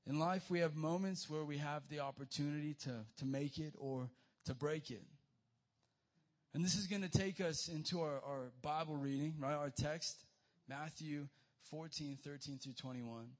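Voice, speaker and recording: A young man giving a youth sermon, energetic and casual, calling his listeners guys and dude. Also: a little high, normal speed. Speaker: youth pastor.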